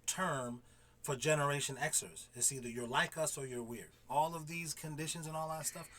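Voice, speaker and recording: A man's voice: a little high, normal speed, a bit bright, a little hiss or hum. A man in his forties co-hosting a casual podcast chat, blunt and profane, often laughing. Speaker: podcast co-host.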